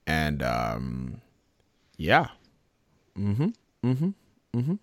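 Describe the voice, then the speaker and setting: A man's voice: rumbling low, huge pitch swings, extremely slow, no room sound, clean studio sound. A man hosting a casual podcast, joking and rambling with lots of fillers, tired after a long day. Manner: playful, jokey, rambling with fillers. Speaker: podcast host.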